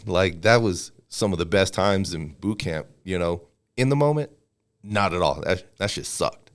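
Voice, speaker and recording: A man's voice: deep voice, normal speed. A man of about forty, a fighter and former soldier, telling stories casually as a podcast guest and acting out the people he quotes. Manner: relaxed, acts out quoted people in raised voices. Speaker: guest, MMA fighter and army veteran. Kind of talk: casual storytelling.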